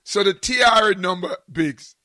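Bright-voiced Jamaican man chatting. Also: sits high, normal speed, dry recording. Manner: animated storyteller, slips into patois. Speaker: show host. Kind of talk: casual chat.

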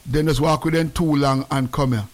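A man's voice: a little high, moderate pace. A man hosting a casual radio chat, slipping between patois and English. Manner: animated, mixes patois and English. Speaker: radio host.

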